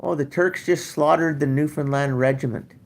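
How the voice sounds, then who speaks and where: A man's voice: a little high, fairly even intonation, normal speed. An older man, hosting a show and ranting bluntly in casual, profane talk. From Canada. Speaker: podcast host.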